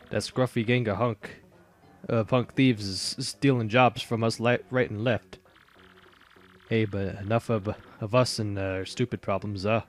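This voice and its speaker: A man voicing a gruff male mob henchman with a mock Chicago gangster accent, talking tough and drawn out. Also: medium pitch, close to an everyday voice. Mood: mournful, tough. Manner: tough-guy gangster talk, slow and drawn out.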